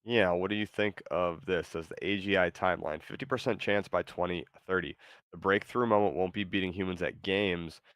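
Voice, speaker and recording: Stream host, man, very low voice, halting and rambling, dry close mic. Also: fairly even intonation, a bit bright, clean tone, no room sound. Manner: halting, full of fillers and restarts. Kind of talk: casual stream chat.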